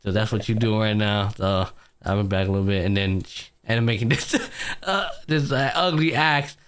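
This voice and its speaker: A man's voice: lowish voice, normal speed, slight background noise. Young guy on a podcast going thru an anime ep, jumps into character voices, swears a lot, super loose. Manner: animated retelling, acts out characters' lines, swears casually. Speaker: podcast co-host recapping anime. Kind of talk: casual chat.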